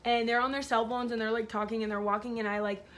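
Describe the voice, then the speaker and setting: A woman's voice: fairly high pitch, fast talker, slight background noise. Rambling woman telling a story. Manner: rambling, filler-heavy, animated retelling. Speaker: vlogger. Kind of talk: casual storytelling.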